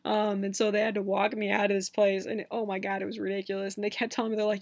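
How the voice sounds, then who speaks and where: A man's voice: high voice, completely flat delivery, fast talker, gravelly, hardly any pauses, dry recording, clean studio sound. A young man telling a story on his vlog in a casual, chatty way, full of fillers and laughs. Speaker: vlogger.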